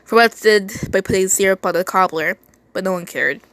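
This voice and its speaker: A woman reading a fan story aloud in a casual, unpolished way. She often trips over words, repeats herself and breaks off to make comments of her own. Her voice sits at an ordinary middle pitch. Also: brisk, fairly bright tone, no echo. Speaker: reader.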